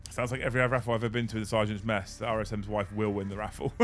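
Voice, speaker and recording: A man hosting a casual chat, telling an animated story and swearing freely. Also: lowish voice, fairly quick. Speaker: host.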